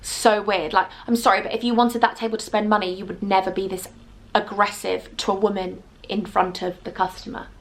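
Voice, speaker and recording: A woman's voice: medium pitch, flat delivery, fairly quick. A woman in her twenties telling a rambling, chatty storytime vlog with many asides. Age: 20s. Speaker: vlogger.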